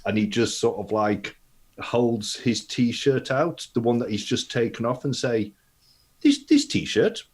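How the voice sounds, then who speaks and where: A man taking part as a player in a tabletop game, describing his character's actions in a halting way. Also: mid-range voice, steady tone, breathy edge.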